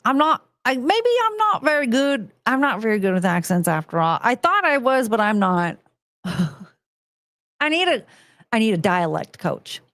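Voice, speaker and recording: A woman's voice: a little high, very animated, a little slow, fairly bright tone, no room sound, studio quality. A woman streamer chatting casually and reading viewer messages aloud, rambling and laughing at herself often. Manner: rambling, giggly, self-mocking. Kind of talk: casual live-stream chat.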